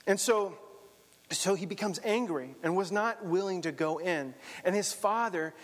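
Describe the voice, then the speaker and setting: Pastor guy preaching, earnest, explains the verses, voice a bit high, long echo in the hall. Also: unhurried. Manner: earnest, reads scripture aloud and explains it. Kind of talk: sermon.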